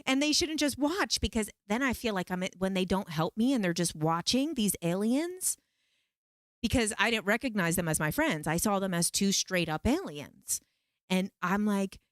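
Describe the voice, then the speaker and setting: A woman hosting a podcast, telling a story in a casual, animated, rambling way with many fillers. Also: mid-range voice, moderate pace, dry recording, clean studio sound. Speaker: podcast host.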